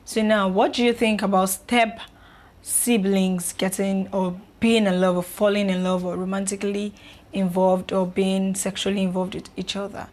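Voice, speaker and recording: A woman's voice: medium pitch, level tone, normal speed, a little mellow. A young woman, chatting casually to camera about relationships, loose and filler-heavy. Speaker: vlogger.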